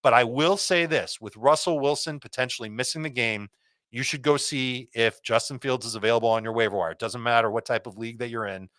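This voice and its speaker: A man giving quick, confident fantasy football start and sit advice, rattling off picks one after another. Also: mid-range voice, fairly bright tone, no room sound.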